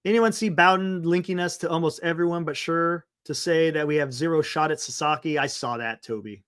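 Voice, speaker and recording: A man's voice: on the high side, brisk, a bit bright, clear, resonant tone. A man hosting a live sports stream, chatting loosely, reading viewer comments and laughing often.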